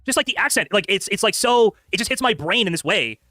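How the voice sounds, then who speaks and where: A man rattles off rapid, lively streamer commentary in a bright, pushing tone, his pitch jumping around constantly. He sounds worn out after hours live, but the words still tumble out. The sound is dry and close, with faint music underneath. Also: no echo. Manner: rapid, animated, frequent filler words. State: tired from a long stream. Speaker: streamer reacting to clips.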